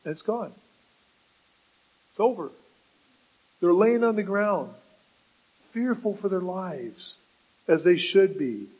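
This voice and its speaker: A man's voice: high voice, animated, unhurried, muffled recording. A man preaching a sermon as pastor, earnest, repeating words and asking rhetorical questions.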